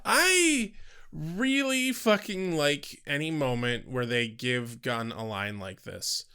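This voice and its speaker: A man's voice: on the high side, expressive, takes it slowly, pushed and bright, smooth. A man co-hosting a podcast in laid-back casual chat, swearing casually. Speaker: podcast co-host.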